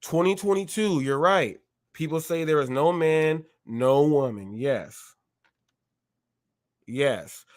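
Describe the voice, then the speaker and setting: A man hosting a live stream, talking in an animated way, often repeating himself and acting out short exchanges. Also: on the high side, slow pace, pauses often, no echo, studio quality. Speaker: show host.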